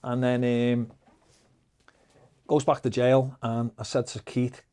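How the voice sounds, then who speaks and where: A man's voice: medium pitch, slow. Swearing man telling stories. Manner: swears freely, lively anecdotes. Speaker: podcast guest. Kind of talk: casual storytelling.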